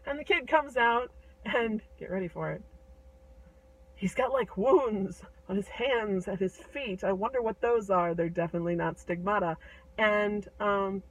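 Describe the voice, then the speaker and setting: A woman's voice: mid-range voice, normal speed, rough recording. A woman casually retelling a fairy tale in a chatty, irreverent, joking way with plenty of fillers and swearing. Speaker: storyteller.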